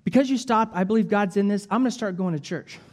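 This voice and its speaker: A man's voice: high-pitched, quick pace, darkish tone, lightly acted. A man voicing a humbled, grateful hitchhiker in a story told during a sermon, with an earnest delivery.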